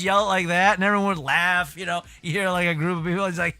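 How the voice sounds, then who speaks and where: A man's voice: high-pitched, fast talker, hardly any pauses, pushed and bright, clear, resonant tone, faint music behind. A young man streaming casually, reading a news article aloud with rambling, jokey asides.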